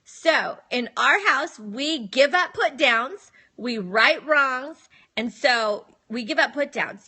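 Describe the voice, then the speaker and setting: A woman's voice: high-pitched, lively intonation, slow pace, hardly any pauses, bright, forceful tone, breathy edge. A middle-aged woman talking casually on a live stream, giving firm, matter-of-fact parenting advice and acting out what she says to her children.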